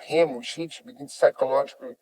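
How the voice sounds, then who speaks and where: Animated man in broken English. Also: medium pitch, quick pace, husky, dry recording. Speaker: jiu-jitsu master, guest. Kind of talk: storytelling in conversation.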